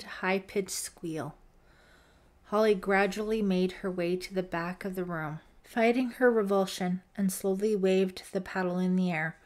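A woman narrating a teen horror audiobook in a measured, suspenseful reading. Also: mid-range voice. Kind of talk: scripted narration.

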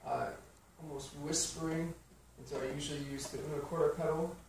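A man teaching a piano lesson, explaining rhythm calmly and counting beats aloud. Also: on the high side, very fast. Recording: very echoey room, slightly distant mic, piano playing.

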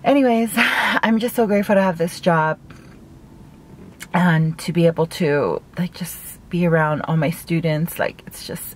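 A woman casually chatting in a mukbang vlog from a parked car, talking fast with lots of "like" and laughing at her own jokes. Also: lowish voice, a little hiss or hum. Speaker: vlogger.

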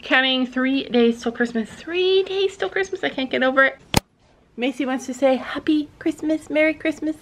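A woman's voice: moderate pace, background noise. A middle-aged woman chatting casually in a family vlog, outdoors at a barn, talking to her dogs and horses. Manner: chatty, talks to pets in a high playful voice. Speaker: vlogger, mother.

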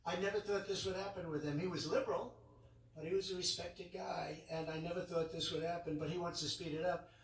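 A man's voice: a little high, steady tone, a little fast, a little hiss or hum. Man giving a rally speech in an echoey arena. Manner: repetitive, emphatic, rambling asides. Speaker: political candidate. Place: large indoor arena. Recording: echoey arena, distant mic.

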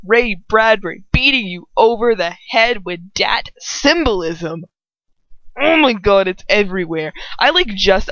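A woman's voice: mid-range voice, a bit bright, no echo, lo-fi sound. Giggly young woman rambling. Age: young adult. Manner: chatty, giggly, swears, trails off and restarts. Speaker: fanfiction reader. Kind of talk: casual rambling aside during a reading.

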